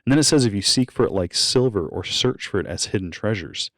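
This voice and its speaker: A man's voice: on the low side, expressive, a little fast, a bit bright, dry recording, clean studio sound. A man, a young adult, giving a casual devotional on a podcast, earnest and teacherly, building to exhortation.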